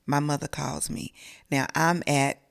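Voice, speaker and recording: A woman's voice: deep voice, little pitch movement, measured pace, creaky. A middle-aged woman, from South Carolina, telling a personal story as an interview guest in an emotional, earnest, conversational way.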